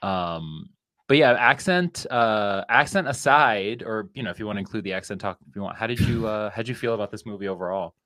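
A man co-hosting a casual movie review podcast, relaxed and wry. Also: fairly low pitch, fairly quick, no echo, studio quality. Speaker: podcast co-host.

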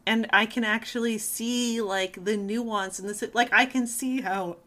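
A woman's voice: a little high, steady tone, measured pace, fairly bright tone. A young woman in casual chat, telling a story animatedly, acting out quotes and swearing freely.

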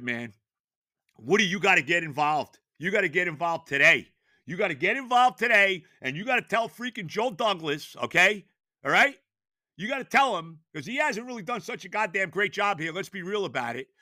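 A man, ranting on his sports podcast, exasperated and stammering, often shouting. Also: high voice, no room sound. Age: 70s. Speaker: podcast host.

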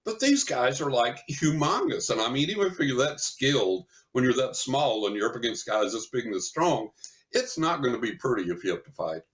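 An older man, a psychic medium guest, telling a story in casual chat, lively and chuckling as he acts out what people said. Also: mid-range voice, brisk. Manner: animated anecdotal storytelling, chuckles often, acts out quotes.

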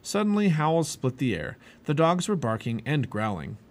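A man reading a children's chapter book aloud as a parent, animated and expressive. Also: fairly high pitch, normal speed. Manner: animated, expressive reading with many character voices. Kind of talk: storybook read-aloud.

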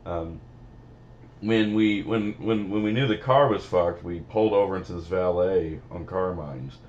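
Deep-voiced profane rambling podcast host. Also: male voice, a little slow, darkish tone, dull audio, a little hiss or hum. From Missouri. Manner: rambling, profane, joking storyteller. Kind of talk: casual banter.

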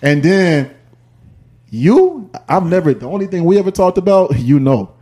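A man's voice: high-pitched, very animated, moderate pace, dark tone. A young man with a Chicago accent telling stories in casual podcast chat, laughing often and mimicking voices. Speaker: podcast guest, percussionist.

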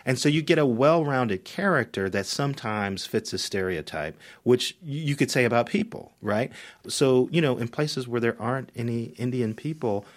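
A man's voice: mid-range voice, expressive, moderate pace. A man speaking as a critic in a radio interview, thoughtful, often repeating words as he starts. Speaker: media critic guest.

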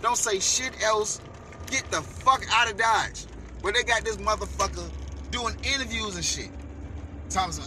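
A man delivering a heated, profane rant as a vlogger, shouting at times. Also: high-pitched, expressive, moderate pace, a little hiss or hum. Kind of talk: heated ranting commentary.

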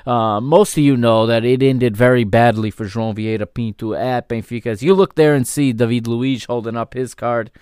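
Smooth-voiced man doing casual commentary. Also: mid-range voice, steady tone, moderate pace, hardly any pauses, darkish tone, no echo, studio quality. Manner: chatty, easygoing, corrects himself mid-sentence. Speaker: podcast host. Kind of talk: casual match watchalong commentary.

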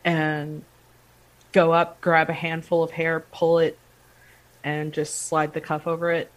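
A woman with a low voice playing a tabletop game. She lays out her character's moves in quick, decisive declarations, and her pitch sits low throughout. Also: monotone. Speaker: player.

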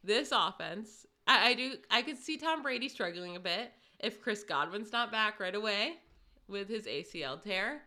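Woman co-host, bright forceful tone, casual news-and-banter delivery. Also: medium pitch, lively intonation, normal speed. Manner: chatty, reads out news items with asides. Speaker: podcast co-host. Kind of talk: casual sports chat.

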